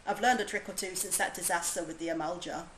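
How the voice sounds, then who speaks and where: A woman voicing a stern military officer in a game, putting on a Yorkshire accent, reading in a formal, measured way. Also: on the low side, fairly even intonation, a bit bright, echoey room, a little hiss or hum, lightly acted, poor audio. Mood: earnest. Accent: put-on Yorkshire.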